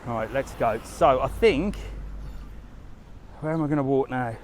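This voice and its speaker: Walking along a resort street, this live-stream host chats easily with his viewers and reads out their comments during a relaxed outdoor tour. He speaks at a measured pace in a medium, slightly mellow voice, addressing the audience directly. A faint hiss or hum sits under the recording.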